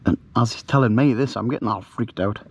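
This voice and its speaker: A man's voice: medium pitch, fast talker, creaky, slight background noise. A middle-aged man tells a story in a chatty, rambling way, full of fillers and restarts, recorded on a handheld camera outdoors at night. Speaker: camper vlogger. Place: outdoors at night in a bivvy bag.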